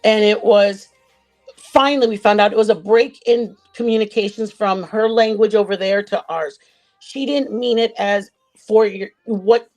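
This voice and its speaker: A woman's voice: fairly high pitch, darkish tone. A woman on a livestream panel casually recounting a chat-room dispute, rambling and often correcting herself. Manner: rambling, self-correcting retelling.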